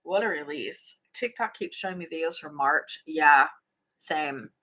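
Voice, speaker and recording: A woman with a deep, bright, forceful voice, speaking a little slowly, hosts a spiritual channel's casual livestream via phone or webcam. She reads comments and chats bubbly with viewers, yawning frequently.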